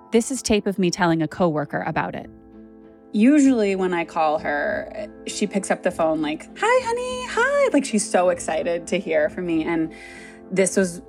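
A woman's voice: lowish voice, creaky, a little mellow. A woman hosting a podcast, telling a personal story in a candid, conversational way with lots of "like.". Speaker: podcast host and narrator.

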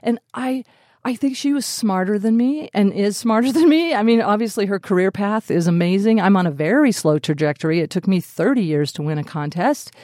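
Laughing, animated comedian woman, dry studio sound. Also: medium pitch, fairly quick, no room sound. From Colorado. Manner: animated, laughs often, playful voice shifts. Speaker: comedian guest. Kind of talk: radio interview.

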